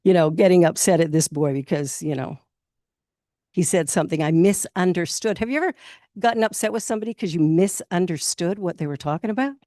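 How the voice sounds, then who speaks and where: A Canadian woman minister giving a casual, candid spoken sermon, chatty and quick to laugh. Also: on the low side, warm tone, no echo, clean studio sound. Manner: chatty and candid, laughs often, acts out quotes. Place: spiritual centre in Toronto.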